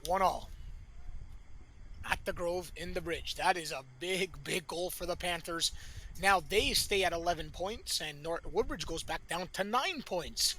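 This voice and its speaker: An excitable male play-by-play commentator with a very high, bright voice that cuts through. He calls the action live and rises to shouts whenever a chance comes. His speech is peppered with colorful catchphrases. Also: a little slow.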